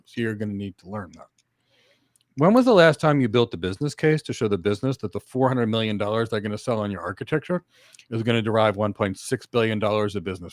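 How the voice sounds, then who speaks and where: A middle-aged man hosting a career Q&A, talking emphatically through rhetorical questions and analogies with big swings in pitch and loudness. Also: no room sound, studio quality. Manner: teaches through analogies and examples. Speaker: host answering career questions.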